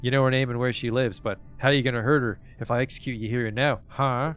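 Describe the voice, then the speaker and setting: A man voicing a hoarse, jumpy male smuggler who swings between eagerness and snarling threats, read from game dialogue. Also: medium pitch, brisk, soft background music, lightly acted. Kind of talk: reading game dialogue aloud.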